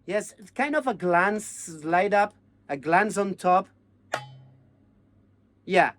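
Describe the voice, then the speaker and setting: Man teaching drums, speaking slowly. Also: high voice, animated, a bit bright. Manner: counts and chants drum syllables, halting non-native phrasing. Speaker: percussion teacher. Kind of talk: hands-on music lesson.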